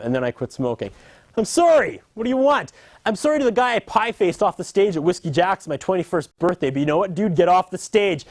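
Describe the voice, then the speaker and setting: A man's voice: a little high, no echo. A man in his thirties delivering a sarcastic, mock-apologetic comedy monologue as host.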